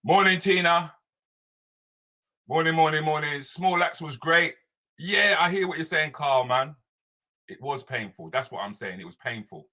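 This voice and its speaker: A man's voice: on the high side, measured pace, pauses often. A man hosting a live stream as a comedian, chatting loosely and greeting viewers by name. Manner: animated, loose, slangy, talks straight to viewers by name.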